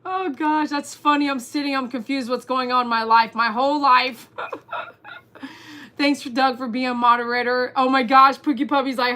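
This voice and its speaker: A woman hosting a casual livestream, chatting and reading viewers' comments aloud, animated and laughing often. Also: high-pitched, normal speed. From Texas. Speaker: livestream host.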